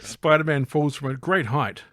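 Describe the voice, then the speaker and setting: A man hosting a podcast, narrating a film recap in a playful, deadpan joking way. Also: on the high side, normal speed. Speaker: podcast host.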